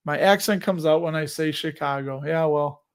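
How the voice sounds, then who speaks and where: A man's voice: fairly high pitch, moderate pace, clear, resonant tone. A man in his forties hosting a live investing stream, chatting casually, rambling and laughing at himself. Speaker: host of a live investing show.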